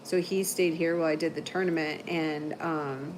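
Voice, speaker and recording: Chatty low-voiced woman telling stories. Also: steady tone, moderate pace, a little mellow, slight background noise. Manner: chatty storyteller, heavy "like" filler, frequent laughter. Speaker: livestream host. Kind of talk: casual livestream chat.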